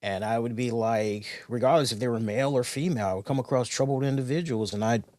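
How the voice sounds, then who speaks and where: A man's voice: medium pitch, quick pace, a little mellow, no room sound, clean studio sound. A man co-hosting a casual talk show, rambling through stories with lots of restarts and "you know"s. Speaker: co-host. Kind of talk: casual podcast chat.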